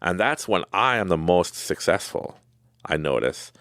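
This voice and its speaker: A man with a very deep, gravelly voice rambles through a casual motivational monologue. His pitch swings widely, and he fills his talk with asides and fillers. The sound is dry and close. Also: very animated, measured pace, fairly bright tone, dry recording. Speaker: podcast host.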